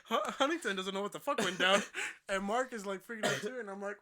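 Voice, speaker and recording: A man's voice: high-pitched, fast, pushed and bright, a little hiss or hum. A young man co-hosting a casual gaming podcast, telling a story with frequent laughter and swearing. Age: young adult. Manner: laughs often while telling stories, swears. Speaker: podcast co-host.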